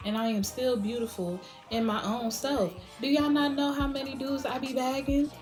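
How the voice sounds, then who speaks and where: A young beauty vlogger shares a personal story with her audience in a high voice at a moderate pace. She's lively and chatty, laughing often and acting out other people's lines, while faint music plays softly beneath her.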